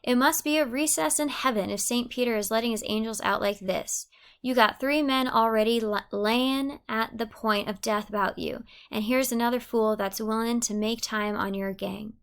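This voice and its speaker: A woman reading the part of a joking man who flatters and teases a young woman in rural dialect. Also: a little high, moderate pace, clean tone. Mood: teasing.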